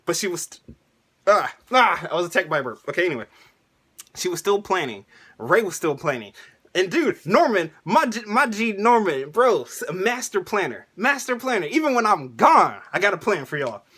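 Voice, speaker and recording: A man vlogging a casual, excitable anime review rant, laughing often and using slang. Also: sits high, fairly quick, husky.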